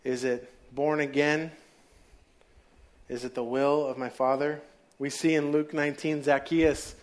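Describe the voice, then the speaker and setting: A man preaching a sermon, telling stories and dropping to quiet asides. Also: fairly high pitch, flat delivery, unhurried, pauses often.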